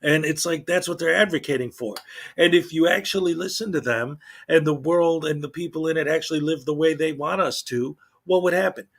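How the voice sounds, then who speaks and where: A man's voice: a little high, fairly quick, creaky, fairly bright tone. A man hosting a casual morning commentary stream, rambling and indignant, with many fillers and restarts. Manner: mocks others in quoted voices. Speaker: channel host.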